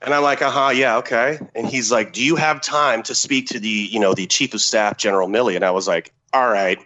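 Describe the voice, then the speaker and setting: A man, a former Special Forces soldier, telling a story as a podcast guest in a profane, animated way, acting out the dialogue. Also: on the low side, fast, muffled recording. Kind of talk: casual war-story telling.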